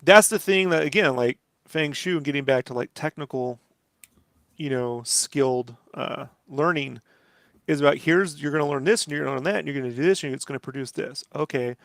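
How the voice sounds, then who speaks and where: A man's voice: a little high, fairly quick, vocal fry, fairly bright tone, dry recording, studio quality. A man, a comic artist, chatting casually while he inks, rambling with many fillers and the odd swear. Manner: rambling, lots of "like" and "you know", swears casually. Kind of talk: casual chat while drawing.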